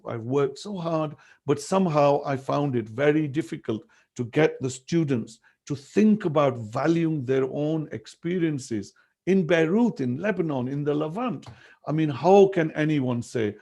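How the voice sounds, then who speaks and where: A man's voice: fairly high pitch, lively intonation, unhurried, vocal fry, darkish tone. A middle-aged man from England, giving an earnest academic talk over a video call and telling stories with quoted dialogue. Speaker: guest speaker.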